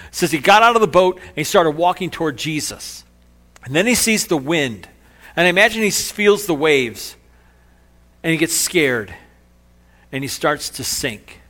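A male pastor preaching a sermon in a conversational, animated way, acting out quotes as he retells a story. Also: fairly high pitch.

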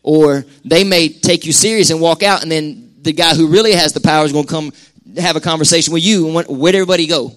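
A man preaching a sermon, conversational and impassioned, swinging from loud bursts down to hushed lines. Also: fairly high pitch, a little fast. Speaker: pastor. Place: church sanctuary.

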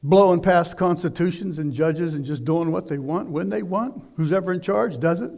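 A man preaching a sermon, loud and emphatic, shouting exhortations and dropping into quiet asides. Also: sits high, normal speed, vocal fry. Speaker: pastor.

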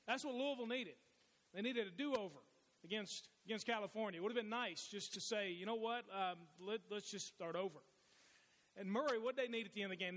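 A man's voice: high-pitched, fairly bright tone. A middle-aged man preaching a sermon as pastor, telling folksy stories with frequent restarts. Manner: folksy storytelling with many restarts. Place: church sanctuary. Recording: long reverb of a large hall.

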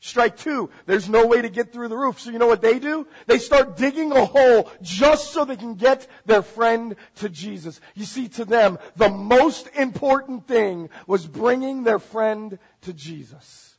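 A male pastor delivers a sermon with a high, husky voice. He swings from loud, urgent appeals to low, hushed intensity. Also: unhurried, few pauses, rough recording. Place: church.

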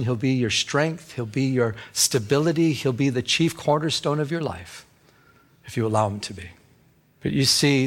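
A middle-aged man, a pastor, preaching a sermon and telling a personal story in an earnest, animated way, often stumbling on "I". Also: mid-range voice.

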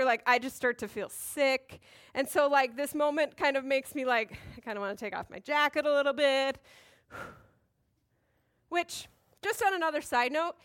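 A woman's voice: sits high, fairly bright tone. A woman giving a casual, chatty Bible teaching, drifting into side notes and jokes about herself. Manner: chatty, digressive, self-deprecating.

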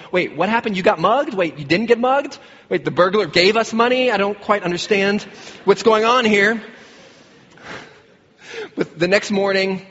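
A middle-aged man preaching a sermon, telling a personal story earnestly and getting animated when he quotes people. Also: on the high side. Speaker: pastor. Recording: dull sound with long hall reverb.

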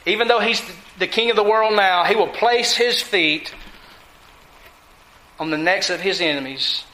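A man preaching a sermon in a high, bright voice. He leans on key words and puts rhetorical questions to the congregation. The sound rings around an echoey hall. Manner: asks the congregation rhetorical questions, deliberate emphasis.

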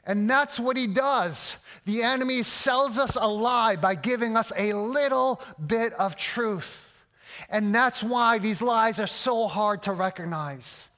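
A male pastor delivering a sermon in a noticeably high voice. He talks in an earnest, emphatic way and often stumbles and restarts his phrases. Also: takes it slowly, sharp tone.

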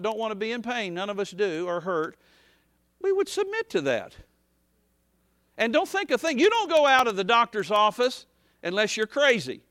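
A man preaching a folksy, rambling sermon as pastor, dropping to soft asides and rising to shouts. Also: sits high, no echo, clean studio sound.

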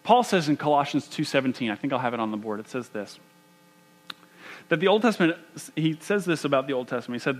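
A man preaching a sermon, animated and emphatic, often restarting his phrases. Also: mid-range voice, fast. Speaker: pastor.

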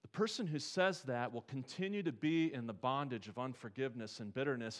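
A male pastor delivering a sermon from the pulpit. He talks in a conversational, questioning way, often pitching up and getting louder when he presses a point. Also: fairly quick, hardly any pauses. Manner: conversational preaching with rhetorical questions and rising emphasis.

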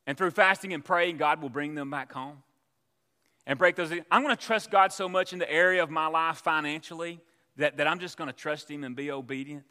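A man's voice: on the high side, fairly quick, bright, forceful tone, clear, resonant tone, in a large hall. A man preaching a sermon, telling a story and acting out its voices. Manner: storytelling preacher, acts out voices in his tales.

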